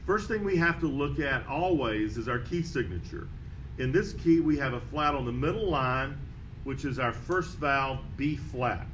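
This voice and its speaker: A band teacher walks through a beginner trumpet lesson, steadily counting off and calling out note names. His voice is medium-pitched, expressive and fairly bright, at a normal speed, on a rough recording with slight background noise.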